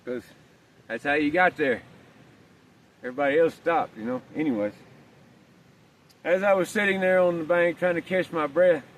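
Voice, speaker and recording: Male vlogger, casual rambling yarn told outdoors, slightly raised pitch, recorded from a distance. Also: moderate pace, long pauses. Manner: rambling, folksy, swears casually. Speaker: vlogger telling a story. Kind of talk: casual storytelling. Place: outdoors, walking with a dog. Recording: distant mic, faint outdoor noise.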